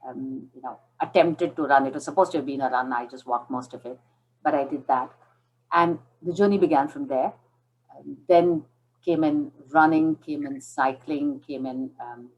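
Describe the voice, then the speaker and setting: A woman's voice: low voice, rough recording. A woman in her forties from India, telling her story as an interview guest and acting out the dialogue in it. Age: 40s.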